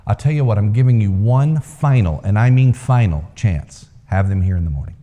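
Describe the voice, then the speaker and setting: A terse, mysterious old sage, put on by a man telling a parable, drawls his questions slowly and booms them out, his pitch leaping widely. His words ring on through a long hall reverb. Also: expressive, mellow, close to an everyday voice. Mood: stern. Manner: slow, booming questions, then curt refusals.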